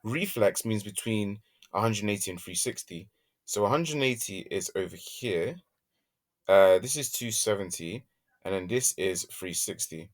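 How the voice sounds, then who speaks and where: A man teaching a maths lesson, working through examples step by step and thinking aloud as he goes, humming softly while he draws graphs. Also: on the low side, lively intonation, normal speed.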